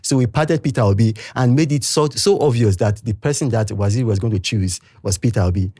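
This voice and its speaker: A man with a Nigerian accent, speaking as an interview guest in an emphatic, heated, animated way. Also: fairly low pitch, fairly quick, slightly rough, dry recording, studio quality. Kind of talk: interview talk.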